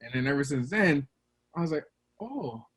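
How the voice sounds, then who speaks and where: Here a husky, somewhat high-pitched male voice moves at a moderate pace. The speaker, a thirtysomething from Brooklyn, New York, recounts his childhood as a casual interview guest, raising his voice to perform the quotes like a lively storyteller.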